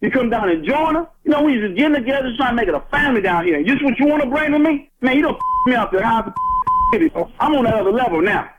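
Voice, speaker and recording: A man's voice: extremely high pitch, animated, quick pace, very noisy. A man arguing heatedly over the phone, defiant and repeating himself. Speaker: caller, prank target. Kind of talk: angry phone argument. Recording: phone line audio.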